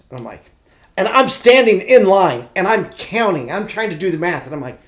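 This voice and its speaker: A man's voice: sits high, moderate pace. A man from Indiana who sounds sick, hosting a casual podcast chat and telling stories animatedly with many restarts. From Indiana, USA. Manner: animated storyteller with frequent restarts. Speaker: podcast host.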